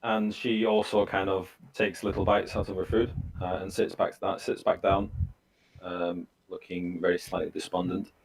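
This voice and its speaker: A man narrating as game master in a tabletop game, halting, with many restarts. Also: low-pitched, little pitch movement, gravelly, slightly rough, low-quality recording. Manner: halting, full of fillers and restarts.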